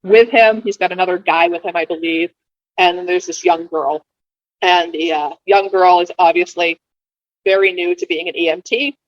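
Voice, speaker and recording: A woman in her thirties, a podcast guest telling her birth story casually, with lively delivery and quick repeated words. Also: on the low side, dry recording. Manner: animated, repeats words when rushing, acts out quoted dialogue. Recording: dull lo-fi dry sound.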